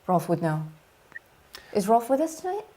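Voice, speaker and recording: A woman's voice: mid-range voice, very animated, noisy background. A woman hosting a casual art live stream, giggling and trading playful jokes. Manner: giggly, playful, quick with puns. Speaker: artist and show host.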